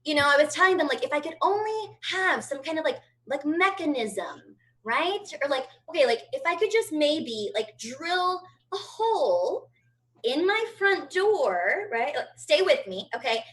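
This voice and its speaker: A woman's voice: sits high, big pitch swings, a little slow, a bit bright, low-quality recording. A woman in her thirties doing a brash, profane stand-up routine from home over a video call. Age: 30s. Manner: brash, profane, chatty storytelling. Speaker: stand-up comedian.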